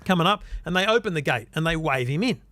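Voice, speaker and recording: Australian man, quick talker, slightly high voice, dry close sound, animated storytelling. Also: no room sound. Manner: animated, acts out quotes loudly. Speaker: podcast co-host. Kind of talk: casual chat, storytelling.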